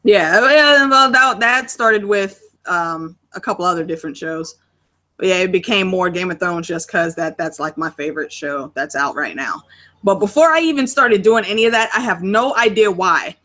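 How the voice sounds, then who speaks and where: A woman's voice: fairly low pitch, animated, moderate pace, sharp tone. A woman YouTuber chatting casually on a livestream and swearing now and then. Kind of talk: casual chat.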